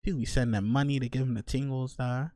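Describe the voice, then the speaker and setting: A young man hosting a podcast, telling stories in slangy, animated casual chat. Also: mid-range voice, quick pace, no room sound. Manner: slangy, animated storytelling with laughs. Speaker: podcast host.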